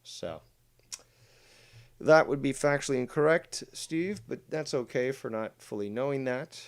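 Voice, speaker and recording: A man's voice: medium pitch, unhurried. A man hosting a casual livestream, talking bluntly with a lot of swearing and reading chat comments aloud. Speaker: host.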